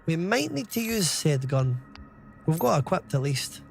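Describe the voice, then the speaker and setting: A man's voice: on the high side, sing-song, moderate pace, vocal fry, soft background music. A Scottish man in his thirties giving chatty live commentary while streaming a game, reading out chat and swearing casually. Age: 30s.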